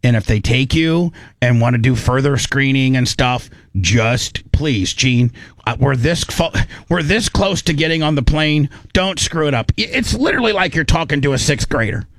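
A man's voice: medium pitch, moderate pace, no echo. Rambling man telling a story. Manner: rambling, animated, restarts often. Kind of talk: casual comedic storytelling.

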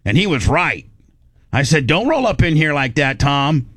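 A man's voice: on the high side, moderate pace, no room sound. Dry-voiced male radio host telling stories. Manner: animated, acts out quoted dialogue. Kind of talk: casual storytelling chat.

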